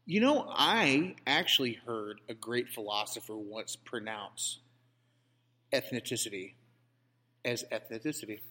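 A man spinning a tall tale with mock grandeur, as if he were a lofty philosopher. His voice sits at an ordinary middle pitch, and it rings out with a long hall reverb around it. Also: animated, slow, sharp tone. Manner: mock-grand, playfully pompous storytelling. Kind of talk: comedic banter.

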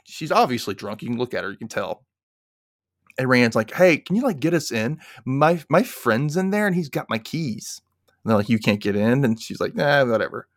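A podcast host with a fairly low-pitched male voice casually recaps an episode, animatedly acting out the characters' lines and quotes. The recording is studio quality with no room sound.

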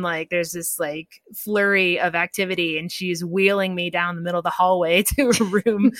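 A woman's voice: fairly low pitch, moderate pace, hardly any pauses, dry recording, studio quality. A woman, a podcast guest, telling a personal story in casual talk, laughing often and acting out what people said. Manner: laughs often, quotes people in lively voices.

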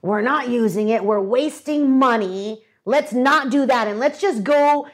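High-voiced woman telling a lively story. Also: a little slow. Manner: animated, acts out quoted voices. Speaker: podcast co-host. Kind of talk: casual storytelling chat. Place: studio with audience.

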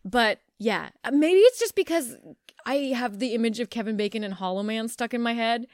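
A woman's voice: a little high, brisk, dry recording, clean studio sound. A woman co-hosting a podcast, talking casually about a film, blunt and jokey, with some swearing. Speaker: podcast co-host.

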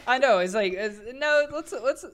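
High-voiced joking man. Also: expressive, a bit bright. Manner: joking, chuckling, fast asides. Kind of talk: casual podcast chat.

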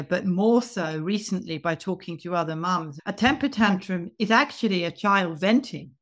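A woman who has worked in childcare, speaking in a reflective, supportive way in a podcast conversation. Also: fairly low pitch.

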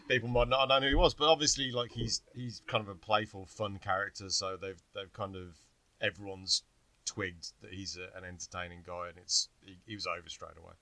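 A man's voice: lowish voice, fairly even intonation, normal speed, sharp tone, no echo. A wry, outspoken man co-hosting a casual chat podcast, laughing often. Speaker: podcast co-host.

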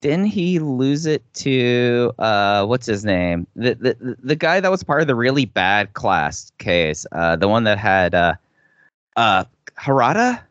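A man on a trivia show with a lively, swinging pitch who thinks out loud as he hunts for names. His voice is dry and dull, recorded close with no room around it. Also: slow pace, dry recording. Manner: rambling, searches for names aloud. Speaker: quiz contestant. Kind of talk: casual podcast chat.

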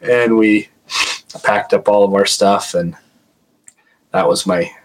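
A man's voice: lowish voice, takes it slowly, rough recording. A man, a paranormal investigator, casually telling a story as a podcast guest and saying "like" a lot. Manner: chatty, heavy use of "like".

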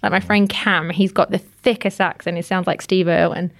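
An Australian woman, a podcast guest, chatting casually with quick asides and frequent laughter. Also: on the low side, fairly even intonation. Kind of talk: casual chat.

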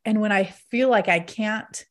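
A woman's voice: mid-range voice, normal speed. A woman in her thirties vlogging, telling a personal story to her viewers in a candid, chatty way, laughing often and filling with "like".

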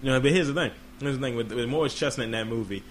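A man's voice: medium pitch, very fast, faint music behind. A man hosting a podcast in casual comedic chat, swearing freely and acting out quoted voices. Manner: profane, animated, acts out quotes. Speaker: podcast host.

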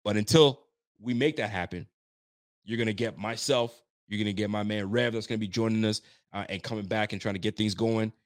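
A man hosting a live sports talk show, excitable and loud, often repeating himself as he talks. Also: fairly low pitch, a little fast, dry recording, studio quality. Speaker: sports podcast host. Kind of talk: casual live show chat.

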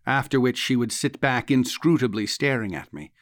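A man narrating a literary ghost story in the first person, measured and deliberate. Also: mid-range voice, animated, dry recording, clean studio sound. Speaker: audiobook narrator.

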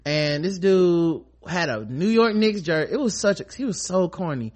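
A man's voice: sits high, animated, moderate pace, a little mellow. A male podcast host in casual comedic chat, acting out quoted voices and reading news aloud.

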